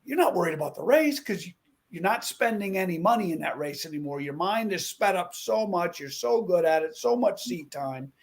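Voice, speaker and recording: A middle-aged man, a former stuntman and drag racer, chatting as a talk-show guest and telling animated stories. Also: sits high, normal speed. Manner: animated storyteller who acts out quotes. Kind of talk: casual talk-show chat.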